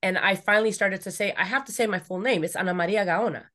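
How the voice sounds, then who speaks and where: A woman's voice: mid-range voice, fast, a bit bright. A woman guest on a podcast, speaking in an earnest, reflective way. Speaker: guest, travel co-founder. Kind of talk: casual chat.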